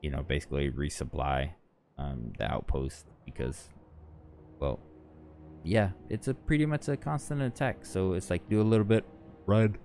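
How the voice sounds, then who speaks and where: A man's voice: deep voice, normal speed, darkish tone, faint music behind. A tired man giving rambling, chatty commentary over his own gameplay, often correcting himself as he goes. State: tired, yawning. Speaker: gaming channel host.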